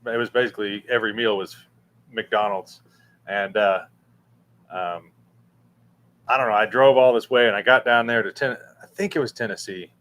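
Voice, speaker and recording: A man's voice: fairly low pitch, fairly even intonation, moderate pace, long pauses, a bit bright. A man hosting a casual livestream, reading chat and rambling with many fillers and restarts. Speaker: livestream host answering chat. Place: room with a fan running.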